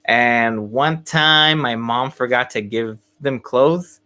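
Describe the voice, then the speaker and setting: A man's voice: medium pitch, takes it slowly, sharp tone, a little hiss or hum. A young man hosting a podcast, telling a story in casual chat with many fillers and restarts. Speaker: podcast host.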